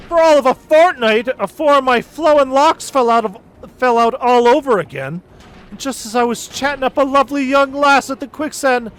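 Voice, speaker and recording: A man's voice: very high voice, fairly bright tone. A man voicing a bitter, balding man who grumbles crudely, reading game dialogue aloud.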